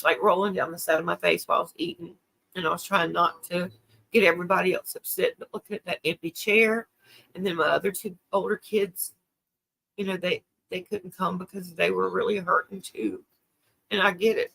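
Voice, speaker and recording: Older woman hosting her own livestream, gravelly and bright, emotional and chatty. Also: lowish voice. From South Carolina. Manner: emotional, tearful, reads and answers viewer comments. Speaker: livestream host. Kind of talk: casual livestream chat.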